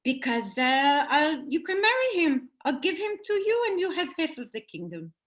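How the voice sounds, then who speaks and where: Storybook queen, frantic mother, high pleading voice, a woman acting it. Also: sing-song, normal speed, a bit bright.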